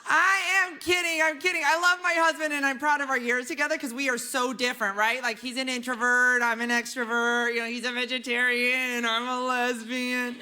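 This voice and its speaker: A woman in her thirties doing a chatty, animated stand-up set on a club stage, often tagging lines with "right?". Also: high-pitched, fairly quick, hardly any pauses, smooth. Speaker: stand-up comedian. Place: comedy club stage with a live audience.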